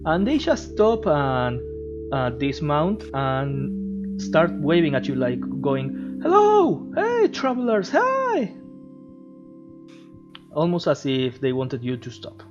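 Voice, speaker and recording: A man running a tabletop game, narrating the scene in a meandering way full of pauses and fillers. His voice sits in the middle range and sounds dull and lo-fi. Music plays clearly behind him. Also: mid-range voice. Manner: rambling, with frequent fillers. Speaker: game master.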